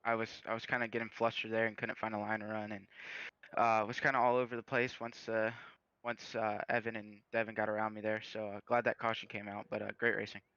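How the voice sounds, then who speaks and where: A man interviewed after finishing second in a race, speaking hesitantly with many pauses and fillers. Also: lowish voice, level tone, fairly bright tone, clear, resonant tone, dry recording, lo-fi sound. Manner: hesitant, lots of fillers, modest. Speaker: sim racing driver, second place.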